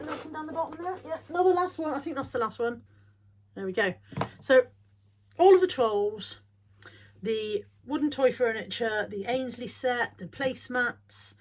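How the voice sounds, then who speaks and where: Chatty woman, fairly high voice. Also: normal speed, slight background noise. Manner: chatty, wry, thinks out loud. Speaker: reseller showing bargain finds. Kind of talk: casual chatty vlog.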